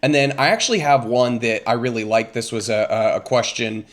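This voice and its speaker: A man's voice: mid-range voice, fairly quick. A man hosting a casual political reaction commentary, exasperated and chatty. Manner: exasperated, chatty, with frequent fillers.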